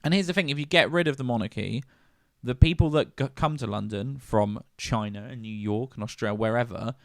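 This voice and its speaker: A man's voice: medium pitch, fairly quick, no echo, clean studio sound. A man co-hosting a podcast in casual chat, opinionated and ranting, laughing often. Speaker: podcast co-host.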